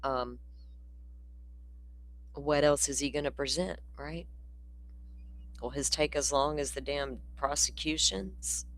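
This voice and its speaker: A woman's voice: low voice, slow, pauses often, a bit bright, slight background noise. A woman hosting a casual livestream, talking bluntly and profanely in a rambling way while she keeps yawning. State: yawning, sleepy. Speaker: livestream host.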